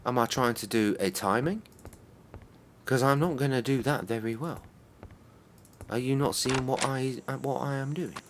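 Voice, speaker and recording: A man's voice: mid-range voice, moderate pace, pauses often, a little hiss or hum. A man streaming a game, swearing and muttering exasperatedly at it. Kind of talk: casual game-stream commentary.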